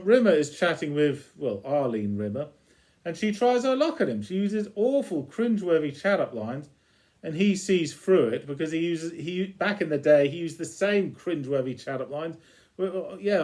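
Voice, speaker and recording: A man's voice: a little high, lively intonation, normal speed, darkish tone. Chuckling man retelling an episode. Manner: chuckles often between lines. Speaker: reviewer.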